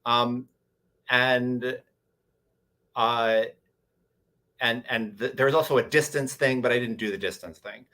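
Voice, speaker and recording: A man's voice: medium pitch, fairly even intonation, a little slow, pauses often, pushed and bright. A man on a convention panel, animatedly telling a tabletop game story with many restarts. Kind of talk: casual panel chat.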